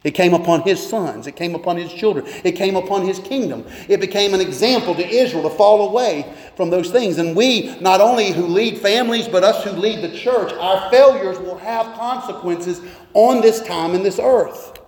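In a church sanctuary, a pastor with a high, slightly mellow voice delivers a sermon at normal speed. Earnest and emphatic, he poses pointed rhetorical questions, his words ringing with the long reverb of the hall.

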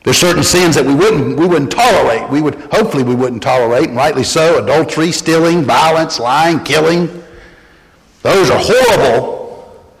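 A fairly high-voiced man preaching a sermon in a church sanctuary, with a long reverb trailing his words. He talks earnestly, sinking low and quiet to press a point and rising high when he quotes people. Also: moderate pace. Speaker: pastor.

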